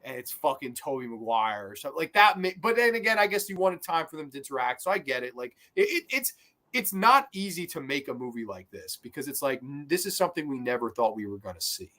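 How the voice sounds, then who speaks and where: A man's voice: mid-range voice, big pitch swings, fast, pushed and bright. Blunt, swearing man guesting on a podcast. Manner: blunt, profane, rhetorical questions. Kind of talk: casual movie discussion.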